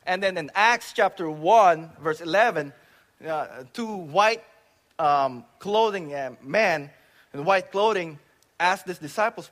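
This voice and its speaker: A man from the Philippines, preaching a storytelling sermon in church, swinging from loud exclamations to hushed asides. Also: high-pitched, expressive, takes it slowly.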